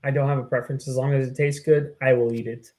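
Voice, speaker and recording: A man's voice: medium pitch, flat delivery, fast talker, warm tone. A man co-hosting a podcast, talking in a laid-back, rambling way with lots of "like" and "you know". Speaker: podcast co-host. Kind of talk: casual chat.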